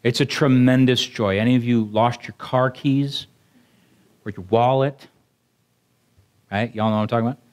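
A man preaching a sermon to a congregation. He makes joking asides to them and builds up to excited exclamations. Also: mid-range voice, normal speed, pauses often. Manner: animated, rising to exclamations. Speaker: pastor.

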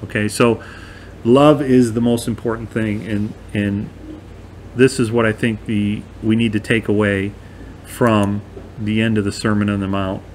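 A man's voice: fairly low pitch, little pitch movement, measured pace, slight background noise. A man teaching a verse-by-verse bible study in a conversational, emphatic way, often checking in with his listeners.

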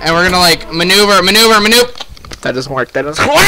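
A man's voice: high voice, sing-song, brisk, gravelly, over music. A young man giving let's play commentary, exasperated and swearing heavily, talking straight to the game. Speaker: gaming video host.

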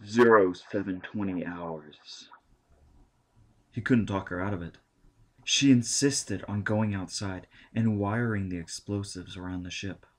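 A male audiobook narrator reads in a steady, measured way. His voice sits on the low side. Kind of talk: scripted narration.

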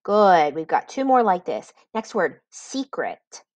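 A woman teacher giving a spelling lesson, dictating words slowly and patiently with clear enunciation. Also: lowish voice, very animated, a little mellow, no room sound, low-quality recording.

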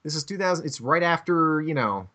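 A man with a bright, slightly high voice spins a rambling, profane anecdote on a comedy podcast. He laughs along as he goes, loose and casual. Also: animated, fairly quick. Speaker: podcast host.

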